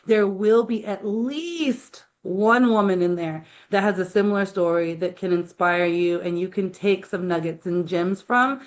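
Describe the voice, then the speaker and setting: A woman's voice: mid-range voice, a little slow, few pauses. Heartfelt, emphatic woman guest. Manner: heartfelt, emphatic and emotional storytelling. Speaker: guest, accountant and author. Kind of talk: casual interview chat.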